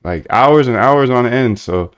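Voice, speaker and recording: A young man live-streaming while coding a trading bot, chatting casually with viewers in slangy banter, sometimes flat and monotone, sometimes lively. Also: medium pitch, unhurried. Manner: laid-back slangy banter with chat, shifts between flat monotone and lively bursts.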